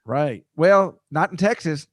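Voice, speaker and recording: A man's voice: on the high side, lively intonation, unhurried. A middle-aged man hosting a comedy football picks show, dry and teasing in casual banter. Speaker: host.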